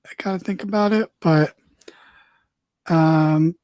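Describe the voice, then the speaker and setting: A man hosting a podcast, recapping wrestling in a casual, rambling, excitable way with lots of fillers. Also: fairly high pitch, takes it slowly, no room sound. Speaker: podcast host.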